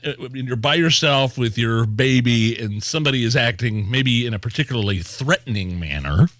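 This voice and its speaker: A man's voice: mid-range voice, animated, a bit bright, dry recording. A male talk radio co-host chatting wryly, stumbling over fillers. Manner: wry, halting, many fillers. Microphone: studio microphone.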